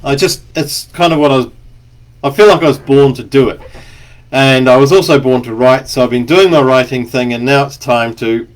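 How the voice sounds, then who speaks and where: A man's voice: medium pitch, moderate pace. A man, an author, talking in a rambling, chatty monologue, stopping now and then to cough. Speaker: author and speaker. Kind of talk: casual spoken monologue.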